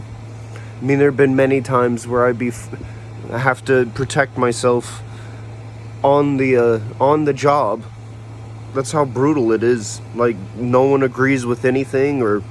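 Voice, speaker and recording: A man's voice: mid-range voice, slight background noise. A young man from the United States in an angry, profane monologue, bitter and laughing between his points.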